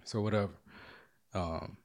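This middle-aged man, speaking from home, spins a story in an offhand monologue full of swearing and imitations of other people's lines. His delivery is lively, his voice lowish and a touch slow.

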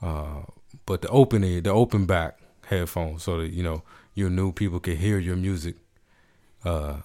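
A man from Washington, D.C. telling a story in casual, laid-back chat, profane and animated. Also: low voice, normal speed.

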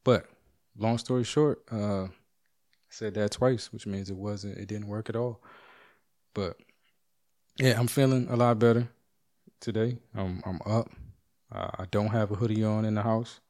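A man's voice: on the low side, measured pace, pauses often. Middle-aged man telling a story casually. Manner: animated, swears, acts out others' lines. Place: at home.

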